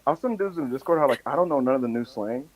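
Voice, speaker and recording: A man's voice: medium pitch, very fast, rough recording. A young man co-hosting a casual wrestling podcast, telling rambling stories with lots of swearing. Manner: animated, swearing, rambling storyteller. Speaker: podcast co-host.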